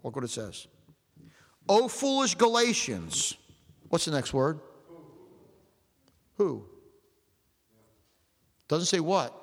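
A man's voice: fairly high pitch, lively intonation, takes it slowly, vocal fry, long pauses. A male preacher delivering a sermon with an emphatic, repetitive preaching cadence. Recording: long hall reverb.

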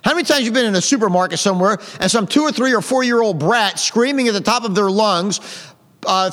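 A man's voice: very high voice, fairly bright tone, long reverb tail. A middle-aged male pastor preaching a blunt, scolding sermon full of rhetorical questions, in a church sanctuary. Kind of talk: fiery sermon.

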